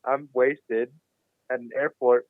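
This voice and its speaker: A man's voice: mid-range voice, slow, dry recording. A young man tells a story as a podcast guest, swearing freely and playing up the drama. His voice comes through thin and phone-like, with no room sound around it. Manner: swears constantly, animated and dramatic retelling. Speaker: podcast guest, BMX rider. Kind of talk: casual storytelling. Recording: dry, phone-like narrow sound.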